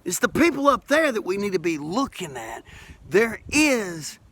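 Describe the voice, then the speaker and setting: Unhurried yet animated, this high-voiced Alabama mason speaks straight to camera in a fervent monologue. His Southern delivery is plain and folksy, circling back over the same points and climbing toward emphasis against a little background noise.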